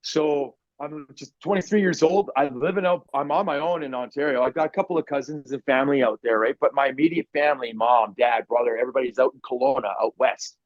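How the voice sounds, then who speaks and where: A man's voice: medium pitch, quick pace, hardly any pauses, dry recording. A man guest on a podcast, telling his story in a blunt, profane, casual way with easy laughs. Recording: dry, slightly muffled podcast audio.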